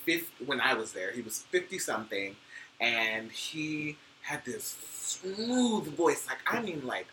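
A New York man with a soft, sweet and very bright voice chats on a podcast. He is expressive and swears freely. There is a faint hiss of noise behind him. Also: unhurried, low-quality recording. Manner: expressive, swears freely, laughs and slides into high playful voices. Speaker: podcast co-host. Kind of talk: casual chat.

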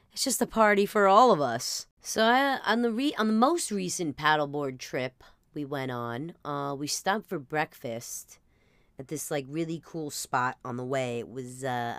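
Jersey woman podcast host rambling through funny stories, low smooth voice, dry close mic. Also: no echo. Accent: New Jersey. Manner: rambling, animated, self-mocking. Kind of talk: comedic storytelling monologue.

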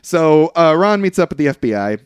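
Very animated and brisk, with a smooth voice on the high side, the man recaps a film for a podcast in loose, rambling chat. Fillers and the odd curse come often, and there's no echo.

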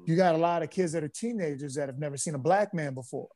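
A man being interviewed on a podcast as a former pro basketball player, telling stories in a relaxed way with plenty of fillers. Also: a little high, quick pace. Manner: relaxed storyteller, easygoing with frequent fillers.

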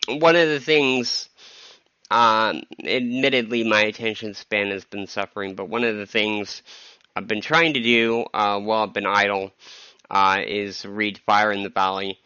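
A man hosting a podcast, talking through a personal monologue in a halting way, with many ums and restarts, sounding stressed. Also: fairly low pitch, sharp tone, no echo, dull audio. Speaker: podcast host.

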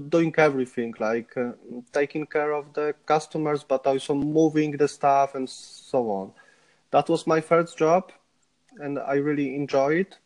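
A man with a Polish accent, a podcast guest telling stories in a halting way with many restarts. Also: on the high side, darkish tone. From Poland. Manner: halting, many repeated starts. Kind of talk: casual interview.

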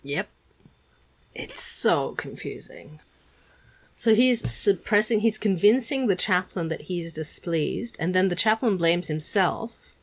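Low-voiced woman chatting about a book. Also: expressive, slow pace. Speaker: co-host. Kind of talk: casual book discussion.

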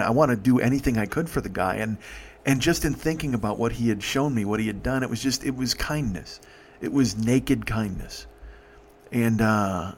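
A man hosting a podcast, telling a personal story in an emotional, profane way, halting and restarting. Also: mid-range voice, slight background noise. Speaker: podcast host.

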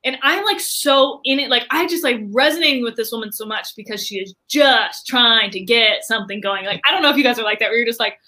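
A high-pitched woman with a bright, forceful tone tells a story as an interview guest. She talks in a chatty, expressive way, scattering "like" through her sentences. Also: a little fast, few pauses. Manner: chatty, frequent filler "like", expressive. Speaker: entrepreneur and podcast guest. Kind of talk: animated storytelling in conversation.

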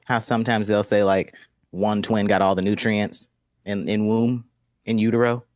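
A man's voice: fairly low pitch, level tone, normal speed, no echo. A man co-hosting a podcast in casual, jokey, self-deprecating chat over an internet call. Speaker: podcast co-host. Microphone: remote call over internet. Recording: dry remote call audio.

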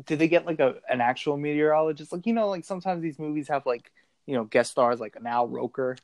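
Chatty podcast host, mid-pitched voice, dry sound, quick questions. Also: a little mellow, no echo. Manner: chatty, questioning, laughs often. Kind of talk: casual chat.

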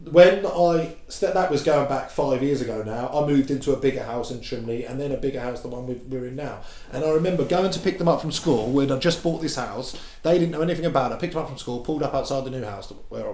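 A man in his thirties, a podcast guest telling a personal story openly, going quiet when moved and lively when joking. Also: medium pitch, fairly quick. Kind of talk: candid storytelling chat. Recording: echoey room.

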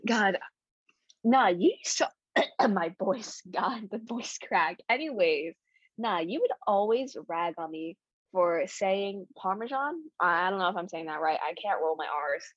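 A woman's voice: on the low side, expressive, a little slow, no echo. A woman co-hosting a casual podcast from home, rambling with lots of "like" and restarts. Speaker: podcast co-host. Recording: dry, slightly muffled lo-fi recording.

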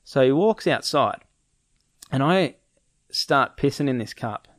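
A man's voice: mid-range voice, lively intonation, measured pace, no echo, studio quality. A young man casually telling a story, acting out his friends' lines and laughing often.

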